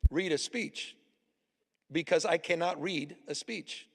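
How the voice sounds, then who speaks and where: Slow, gravelly man in a reverberant hall. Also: a little high, a bit bright. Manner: halting, repeats himself, chuckles. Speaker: public speaker in a played clip. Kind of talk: self-deprecating speech. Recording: clip with long hall reverb.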